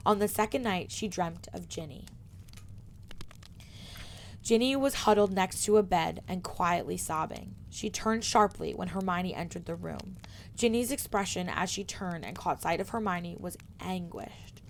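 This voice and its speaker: A woman's voice: on the low side, measured pace, slight background noise. Woman reading a novel aloud. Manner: plain steady narration with small slips and restarts. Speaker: streamer reading fan fiction.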